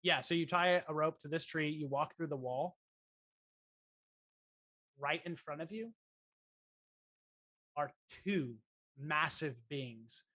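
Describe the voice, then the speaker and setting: Male dungeon master, slightly high voice, relaxed and halting, dry close sound. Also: no echo. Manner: relaxed, halting, many fillers and restarts. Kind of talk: running a tabletop game.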